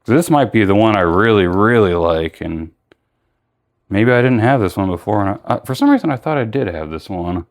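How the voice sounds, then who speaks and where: A man's voice: lowish voice, expressive, a little fast. A tired man chatting casually through a toy unboxing, rambling with lots of fillers and self-corrections. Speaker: toy reviewer.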